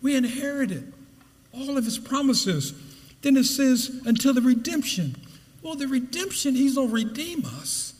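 A man's voice: sing-song, a little slow, darkish tone, in a large hall. A man preaching a sermon as pastor, building with emphatic repeated phrases. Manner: preaching with rising pitch and emphatic repetition.

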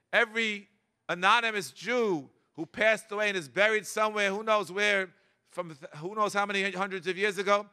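Animated older man teaching a class. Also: high voice, smooth. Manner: animated, dramatic emphasis, frequent Hebrew and Yiddish terms. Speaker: cantor. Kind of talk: Torah lesson with personal memories.

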